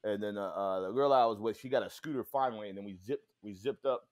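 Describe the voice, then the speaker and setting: A man, a comedian guesting on a podcast, telling a profane, animated story in casual chat. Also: fairly low pitch, fast talker.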